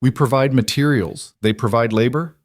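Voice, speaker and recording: A man voicing a shy, raspy young husband. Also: mid-range voice, no room sound, clean studio sound, pitched above the performer's own voice, natural voice. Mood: resolute. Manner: halting, repeats words. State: hoarse. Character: shy, hoarse young husband, now resolute.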